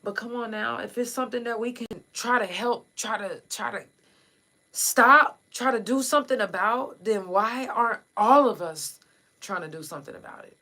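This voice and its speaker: A woman's voice: fairly high pitch, brisk, a bit bright. A woman hosting a casual livestream podcast who speaks straight to her listeners in an impassioned, blunt and profane way. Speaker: podcast host.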